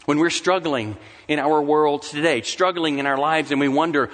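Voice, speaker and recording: A man preaching with a somewhat high voice, his words ringing out in a long, echoing sanctuary. He preaches earnestly and slips into pleading, dramatic questions to God. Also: moderate pace, a bit bright. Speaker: pastor. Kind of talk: sermon.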